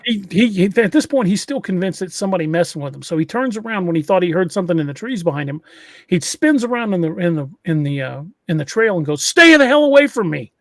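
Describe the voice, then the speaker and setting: Podcast guy spinning a creepy tale, kinda high voice, stumbles and restarts a lot. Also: lively intonation, quick pace, darkish tone, no echo, clean studio sound. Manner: retells an encounter story with many restarts. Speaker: podcast host. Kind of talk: casual storytelling.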